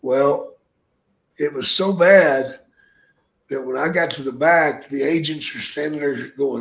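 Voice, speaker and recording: An older man swaps war stories with a blunt, profane edge, swearing freely as he talks. His voice sits fairly high for a man. It rings out in a roomy, echoing room. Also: fairly bright tone. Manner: blunt, heavy swearing, drawn-out storytelling. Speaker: guest, retired wrestler. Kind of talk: profane storytelling. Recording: roomy echo.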